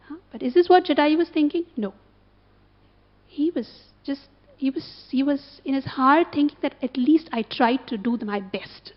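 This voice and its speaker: Lady preaching, high voice, keeps going "huh? yes?", muffled lo-fi recording. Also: moderate pace. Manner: keeps checking in with the audience through short tag questions. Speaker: temple speaker. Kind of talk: sermon with storytelling. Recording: dull lo-fi recording.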